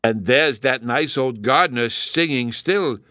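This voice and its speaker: A man voicing a small, solemn boy who lisps and speaks slowly. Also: medium pitch, lively intonation, bright, forceful tone, dry recording, studio quality, pitched above the performer's own voice. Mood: solemn, childlike. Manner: childish lisp, slow and grave.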